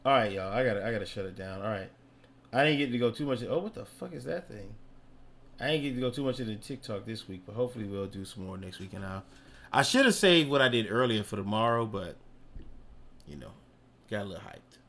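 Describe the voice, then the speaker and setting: A man doing casual live-stream commentary, loud and joking with slangy reactions. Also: on the low side, expressive, fast talker.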